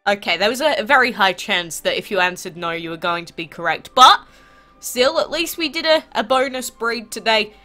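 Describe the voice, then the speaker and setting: Woman with a stuffy cold nose chatting about her game, bouncy pitch, lots of questions to viewers. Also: moderate pace, faint music behind. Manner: chatty, animated, full of rhetorical questions. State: congested, stuffy-nosed from a cold. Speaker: mobile game channel host. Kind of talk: casual gaming vlog chat.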